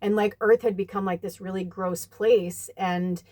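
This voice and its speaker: A woman's voice: medium pitch, fairly even intonation, a little slow, a little mellow. Rambling woman giving spiritual advice. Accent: American. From United States. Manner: rambling, many fillers, casual swearing. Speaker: spiritual medium giving a reading. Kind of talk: casual spiritual advice monologue.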